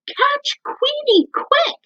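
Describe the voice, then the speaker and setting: A woman voicing a loud, chatty female duck who quacks shrilly and excitedly. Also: very high-pitched, very slow, pitched above the performer's own voice, full character voice. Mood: urgent. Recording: dull lo-fi recording.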